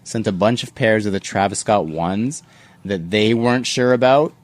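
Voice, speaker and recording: A man with a Canadian accent hosting a casual podcast, reading out listener messages in a relaxed, joking way and correcting himself as he goes. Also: lowish voice, moderate pace. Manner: relaxed, jokey, self-correcting. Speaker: podcast host.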